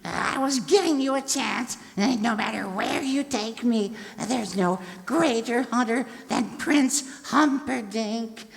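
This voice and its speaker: A woman plays a captive princess who stays defiant and keeps breaking into giggles. She speaks very slowly with a slight high pitch and some gravel. The stage mic sits in a large reverberant hall. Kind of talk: live stage reading.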